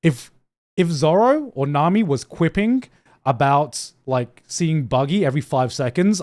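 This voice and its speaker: Excitable young man on a stream. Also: a little high, a little slow. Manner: excitable, swears freely, repeats and restarts words, laughs often. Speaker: streamer reacting to anime news. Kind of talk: casual live-stream reaction chat.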